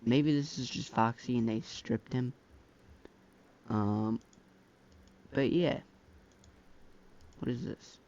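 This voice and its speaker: Gravelly, rambling male game-mod reviewer. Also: mid-range voice, takes it slowly, pauses often, darkish tone. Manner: rambling, filler-heavy, slangy. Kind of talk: casual gameplay commentary. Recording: dull lo-fi mic.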